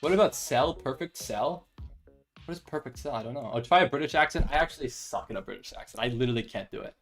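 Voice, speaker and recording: A man's voice: medium pitch, animated, fast, fairly bright tone, faint music behind. A young man streaming chess, chatting casually, self-deprecating and thinking aloud. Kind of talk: casual live-stream chat.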